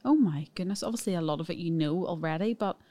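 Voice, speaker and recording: A woman's voice: on the low side, fast talker, dark tone. A woman, hosting a podcast in a chatty, upbeat way. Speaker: podcast host. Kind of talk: casual podcast chat.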